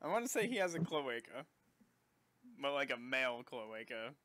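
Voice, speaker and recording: A man's voice: medium pitch, very animated, moderate pace, pushed and bright, a little hiss or hum. A man playing in a tabletop game, making dry, wry remarks. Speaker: player. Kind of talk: casual tabletop game chat.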